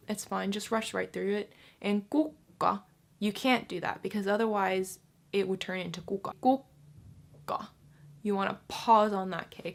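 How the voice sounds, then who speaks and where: Slow-talking young woman teaching. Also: medium pitch. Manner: chatty, repeats example words slowly and drawn out. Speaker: language teacher. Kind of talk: casual spoken lesson.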